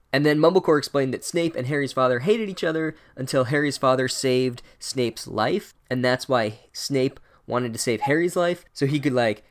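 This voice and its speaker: Man, podcast host, comedic recap, sarcastic, irreverent, casual. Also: medium pitch.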